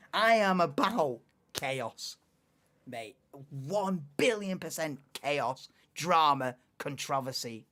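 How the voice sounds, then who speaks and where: A young woman hosting a live watchalong stream, chatting in a rambling, excitable way and laughing often. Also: on the low side. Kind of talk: casual live watchalong chat.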